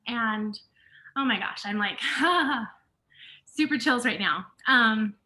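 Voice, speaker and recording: A woman participant on a video call, sharing a personal moment in an earnest, halting way. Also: on the high side, lively intonation, sharp tone. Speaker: participant in a live session.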